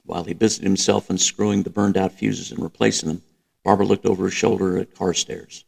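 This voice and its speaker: A man narrating a novel in a measured, even reading. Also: low-pitched, vocal fry, breathy edge. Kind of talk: audiobook reading.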